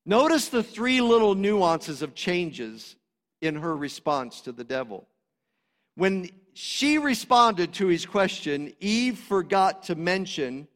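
A man preaches with real fervor, his voice sitting high and rising into loud, emphatic bursts before dropping back to a calmer teaching tone. The sound carries a long reverb, as from a large church sanctuary. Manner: passionate, swings between loud emphatic preaching and quieter explaining. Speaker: pastor. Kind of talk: sermon.

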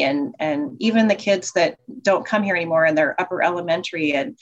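Casting: low-voiced woman, childcare center owner, heartfelt and rambling, plenty of restarts. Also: brisk, few pauses, dull audio. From Nebraska. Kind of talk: casual interview chat.

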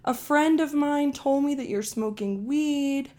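A woman's voice: high-pitched, a little slow, a little mellow, pitched above the performer's own voice. A young woman quoting her crying, anti-drug mother in a tearful, pleading voice. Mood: distraught.

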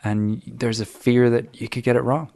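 A man's voice: medium pitch, level tone, moderate pace, gravelly, a little mellow. An Irish man hosting a podcast, asking leading questions in a chatty way and laughing easily. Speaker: podcast host. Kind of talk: conversational interview and outro.

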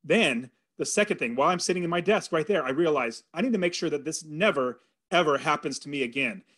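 A man's voice: fairly high pitch, brisk. Earnest man telling a personal story. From California. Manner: earnest, animated storyteller acting out his own thoughts. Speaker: podcast guest. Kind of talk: storytelling in an interview.

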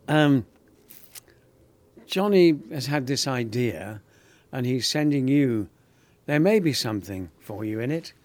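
An older actor telling lively anecdotes in an interview, acting out other people's lines and laughing often. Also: male voice, mid-range voice, no room sound. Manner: animated storyteller, acts out quoted voices, laughs often. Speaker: actor guest.

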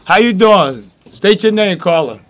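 A man with a rough voice, loud and profane in a casual podcast group chat. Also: high-pitched, lively intonation, unhurried.

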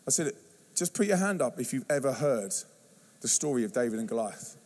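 A man preaching a youth-focused sermon in a church, telling stories and acting out voices with animated energy. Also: medium pitch, a little fast. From England. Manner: animated storytelling, acts out youth slang and voices. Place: church hall.

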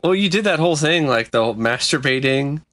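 A man's voice: a little high, expressive, quick pace, a bit bright. A man co-hosting a casual podcast who teases his co-host with short remarks. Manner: teasing, short interjections. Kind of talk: casual chat.

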